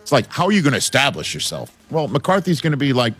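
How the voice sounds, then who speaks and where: Animated man hosting sports talk. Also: medium pitch, fast talker, slightly rough, soft background music. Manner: animated, joking, laughs often. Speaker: sports talk show host.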